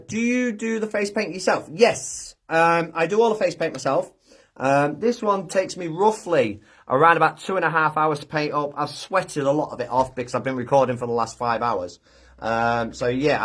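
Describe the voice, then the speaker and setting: A British man with a fairly high, slightly bright voice hosts a casual livestream from the UK. He chats and chuckles while reading viewer comments aloud into his phone.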